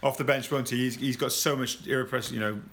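Male pundit, sharp bright tone, rambling and stammering. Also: medium pitch, fast talker. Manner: rambling, stammering, animated, laughs easily. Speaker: rugby pundit. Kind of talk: casual sports discussion.

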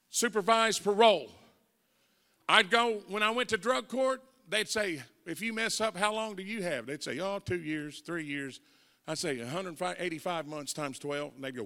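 An older man preaching a folksy testimony sermon as an evangelist, telling stories and rising into shouted preaching. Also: sits high, moderate pace. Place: church sanctuary. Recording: long church hall reverb.

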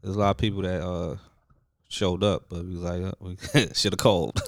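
A man's voice: low voice, flat delivery, a little fast, no echo, clean studio sound. A young man hosting a podcast, telling stories in casual chat, loose and full of slang and fillers. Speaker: podcast host.

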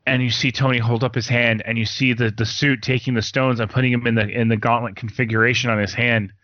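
A young man in casual chat as a podcast co-host, excitedly retelling scenes and swearing. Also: mid-range voice, quick pace, no echo. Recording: dull lo-fi sound.

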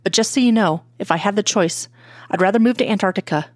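A woman's voice: medium pitch, fast talker, no room sound, clean studio sound, close to an everyday voice. A woman voicing a stern, grumpy older male detective who speaks stiffly and curtly. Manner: stiff, curt and irritable.

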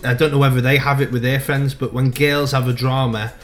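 A man's voice: mid-range voice, level tone, brisk, soft background music. A man co-hosting a podcast in casual chat, rambling and swearing as he talks.

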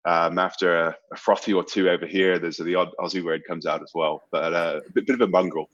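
Very deep man, British-American accent. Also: fairly even intonation, brisk, a bit bright, lo-fi sound. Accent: British with an American twang. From Bermuda. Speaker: guest, sales executive. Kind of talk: casual interview chat. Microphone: remote call.

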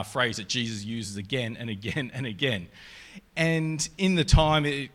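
A man giving a sermon in a relaxed, conversational way, reading scripture aloud along the way. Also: mid-range voice. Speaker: preacher.

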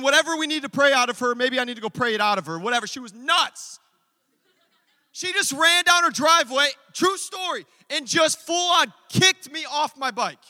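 A man with a very high, bright voice preaches a sermon. He tells his story with energy and acts out the quotes as he goes. His voice rings with long reverb through a large church hall. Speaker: pastor.

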